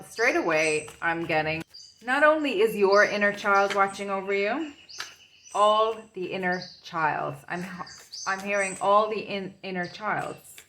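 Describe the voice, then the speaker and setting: A woman's voice: on the low side, fairly bright tone, a little hiss or hum. A woman doing an intuitive tarot reading, rambling and searching for her words as she talks. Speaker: tarot reader.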